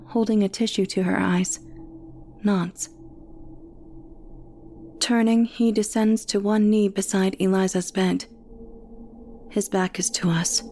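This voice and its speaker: Woman, horror story narration, very slow, hushed, medium pitch, faint hiss.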